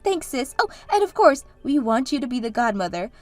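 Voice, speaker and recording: A woman's voice: sits high, very animated, a little fast, no echo, faint music behind. A woman voicing Sarah, an earnest and grateful young woman who is a bride-to-be, in a scripted story drama. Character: bride-to-be sister, grateful and nervous.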